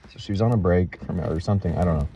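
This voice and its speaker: A man telling an emotional personal story in a halting, earnest way, full of restarts and fillers. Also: low-pitched, gravelly, warm tone, dull audio, slight background noise.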